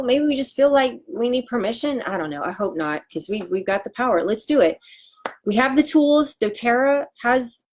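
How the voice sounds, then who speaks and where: A woman in her forties selling essential oils on a live stream, talking in a chatty, excitable way with lots of fillers and restarts. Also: mid-range voice. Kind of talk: casual live-stream chat.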